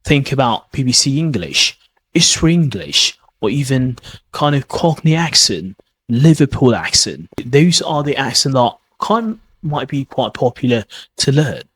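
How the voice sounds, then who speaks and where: A man's voice: medium pitch, very animated, measured pace, fairly bright tone, breathy edge, no echo. A man giving a podcast lesson on pronunciation, often restarting and checking in with "okay?". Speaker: pronunciation teacher.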